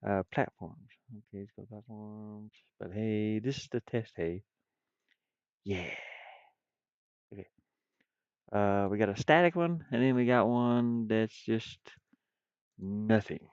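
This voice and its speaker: Taking it slowly, with long pauses, the indie game developer chats casually on his live stream while building a game, rambling, talking to himself, and chuckling often through a stuffy nose. His fairly low voice is a little mellow and clean, recorded without echo and with the highs cut off.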